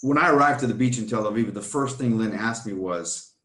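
A man's voice: mid-range voice, fairly quick, a bit bright. Earnest man telling his testimony, echoey room. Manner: earnest storytelling, often addressing the host by name. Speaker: guest.

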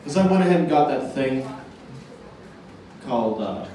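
A young man doing a stand-up set, delivering deadpan one-liners with long pauses into a handheld mic on a comedy club stage. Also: mid-range voice, distant mic. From Boston area. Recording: echoey club from afar.

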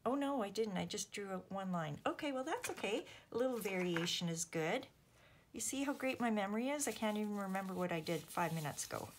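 The host, a woman from Canada, talks a little fast in an expressive, medium-pitched voice, with a faint hiss or hum in the recording. She's making cards and chatting casually, self-deprecatingly, with her viewers, occasionally murmuring to herself.

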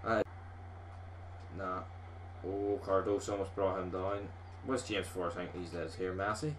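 A young Scottish man giving live, sweary gameplay commentary as a gaming video host, rowdy and excitable like a football fan. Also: low voice, normal speed.

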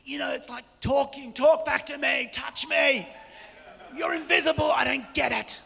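A man with an Australian accent preaching a lively, joking sermon as pastor, often shouting, in a large church hall. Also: very high voice, moderate pace, creaky. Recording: long church hall reverb.

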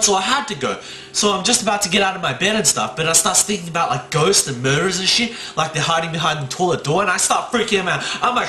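A young man doing stand-up, telling a story with loud bursts of fake panic and lots of swearing, without a microphone. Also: fairly high pitch, expressive, fast. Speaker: stand-up comedian. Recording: echoey room, no mic.

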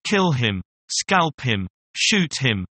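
Rowdy, excited frontier soldiers jeer and shout, as a man reading a storybook puts them on. The delivery is agitated and coarse. The voice is bright and dry. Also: medium pitch, slow pace, dry recording, exaggerated voice.

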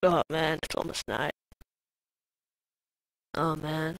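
A woman commenting on her own gameplay in a let's play, excitable and shouting taunts at enemies. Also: low-pitched, takes it slowly, gravelly, no room sound, low-quality recording. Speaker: gamer.

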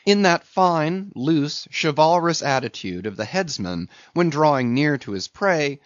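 Male audiobook narrator, expressive dramatic reading, dull lo-fi sound. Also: a little high, measured pace, dry recording. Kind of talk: scripted narration. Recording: dull lo-fi recording.

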